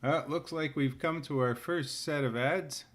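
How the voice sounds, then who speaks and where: A man hosting a live stream in relaxed, chuckling casual chat. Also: a little high, unhurried. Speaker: host.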